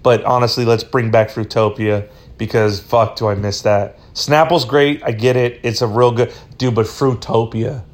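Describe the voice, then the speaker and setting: A man's voice: medium pitch, fairly even intonation, normal speed. A man hosting a solo podcast, rambling casually and swearing a lot as he talks into a phone. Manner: rambling, profane, laid-back. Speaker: podcast host.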